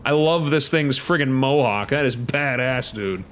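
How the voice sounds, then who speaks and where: A man giving excitable, chatty commentary while playing a survival game, talking to his creatures as he goes. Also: medium pitch, unhurried. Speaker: let's play host. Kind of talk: casual gameplay commentary.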